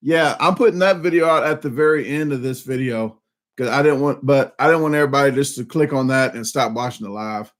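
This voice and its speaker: A man with a Southern US accent hosting a casual live stream, rambling with lots of fillers and restarts, a little hoarse and coughing. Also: medium pitch, moderate pace.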